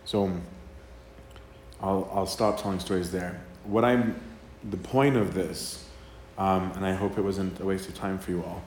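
A man's voice: sits low, fairly even intonation, measured pace, a little mellow, slight background noise. A male priest giving a casual, conversational sermon talk. He acts out quoted dialogue and keeps checking in with "right?". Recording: roomy live talk with faint ambience.

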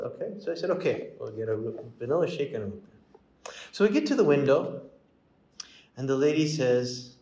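A man's voice: mid-range voice, roomy sound, a little hiss or hum, rough recording. A man, a priest, telling stories in a sermon, acting out the voices of the people in them. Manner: animated storyteller, acts out voices in dialogue. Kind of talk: storytelling sermon.

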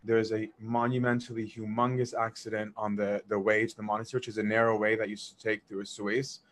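A man casually telling a personal story, animated, acting out dialogue and laughing as he goes. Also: fairly low pitch, a little fast. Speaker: storyteller recounting memories of a monk.

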